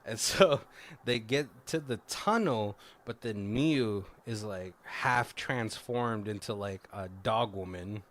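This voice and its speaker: A man's voice: fairly low pitch, slow, fairly bright tone. A man casually recapping a movie plot on a podcast, rambling with lots of fillers and self-corrections. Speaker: podcast co-host.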